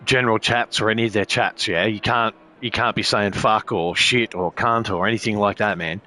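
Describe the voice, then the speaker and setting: A man's voice: fairly low pitch, fairly even intonation, normal speed, pushed and bright. A man chatting casually as a sim racing streamer, rambling with heavy swearing and frequent filler phrases. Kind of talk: casual chat.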